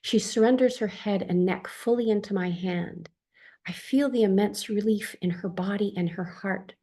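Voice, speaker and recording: Husky, gravelly woman telling a story. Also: mid-range voice, normal speed. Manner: calm, soft and tender. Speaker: somatic therapist reading her own account. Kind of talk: first-person storytelling reading.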